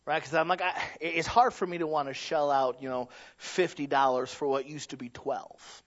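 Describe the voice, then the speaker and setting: A man preaching in a relaxed, conversational way, tossing out rhetorical questions and then pressing his point harder. His voice sits a little higher than most men's. The recording sounds dull and lo-fi. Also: moderate pace. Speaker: pastor. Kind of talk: sermon.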